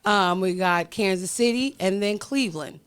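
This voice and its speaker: A playful woman talks football as a podcast co-host. She trades quick banter with friends and laughs often. Her voice sits at an ordinary middle pitch for a woman. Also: clean tone. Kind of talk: casual sports chat.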